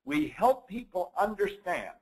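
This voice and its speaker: A man lectures as the host of a motivational seminar, his voice sitting a little high and swinging lively through its range. He speaks deliberately and leans hard on key words. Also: low-quality recording. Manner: deliberate, emphatic delivery.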